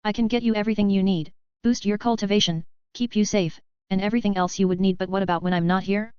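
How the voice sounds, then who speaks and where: Woman voicing a brash male cultivator, wisecracking, bossy, very clear voice, dry lo-fi sound. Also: medium pitch, fairly even intonation, fast, mellow, dry recording, close to an everyday voice. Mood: firm. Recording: dry, slightly dull lo-fi recording.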